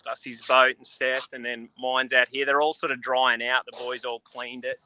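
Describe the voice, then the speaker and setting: A man's voice: medium pitch, flat delivery, normal speed, sharp tone, dry recording. An Australian man, a professional angler, chatting casually and with easy laughs on a call. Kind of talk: casual video call chat.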